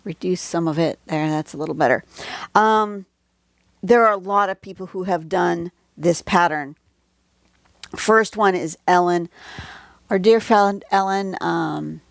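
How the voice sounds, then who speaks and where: Her voice sits fairly low and has a gravelly texture, with no room sound. She's hosting an informal drawing lesson on livestream, talking chattily with lots of asides, using a phone at home.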